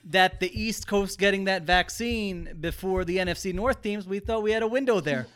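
Smooth-voiced joking male co-host. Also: high voice, normal speed, fairly bright tone. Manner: joking, sarcastic asides. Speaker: podcast co-host. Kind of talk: casual sports podcast chat.

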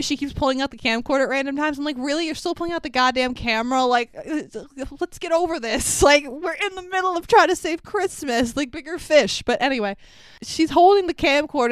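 Animated high-voiced woman recapping a movie. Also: no room sound. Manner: animated, laughing storyteller acting out quotes. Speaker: podcast co-host recapping a movie. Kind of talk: casual chat.

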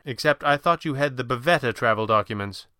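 A man playing a composed wealthy young gentleman. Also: medium pitch, no room sound, studio quality, close to an everyday voice. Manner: courteous, measured and formal. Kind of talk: audiobook narration.

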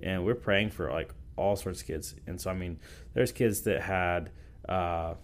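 Low-voiced pastor rambling through stories. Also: male voice, a little slow. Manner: rambling, full of "like" and "you know" restarts. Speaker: youth and young adults pastor. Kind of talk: casual storytelling in a podcast interview. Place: podcast recording session.

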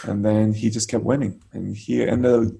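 Gravelly-voiced male martial arts coach. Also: lowish voice, little pitch movement, normal speed, warm tone. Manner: casual, loose, many fillers. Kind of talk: telling a story in an interview.

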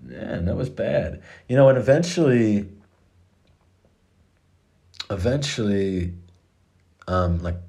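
A man's voice: fairly low pitch, lively intonation, takes it slowly, creaky, pauses often, dark tone. A middle-aged man casually telling a personal story about his daughters, rambling with many restarts and the odd curse.

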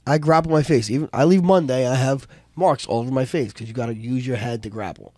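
A middle-aged man on a casual podcast, telling fight stories in an animated, profane way and acting out other people's voices. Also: medium pitch, fast talker, no echo, clean studio sound. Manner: animated storyteller, profane, acts out voices loudly. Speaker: podcast co-host, fight coach.

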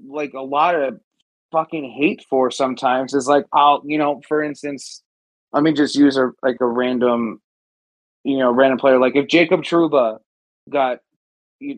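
A man's voice: mid-range voice, dry recording. A man co-hosting a podcast in casual chat, swearing freely and ranting with heat. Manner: profane, heated rants. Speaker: podcast co-host.

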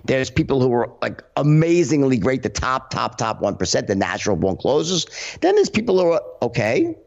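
A man speaking as a podcast guest in a lively, swooping voice that rises and falls a lot as he acts out how people sound. He talks casually and restarts his sentences often. The audio is slightly dull and lo-fi. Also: mid-range voice, moderate pace, gravelly. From United States. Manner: animated, acts out tones in quoted examples, many restarts. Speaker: podcast guest, sales trainer. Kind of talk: casual conversational interview.

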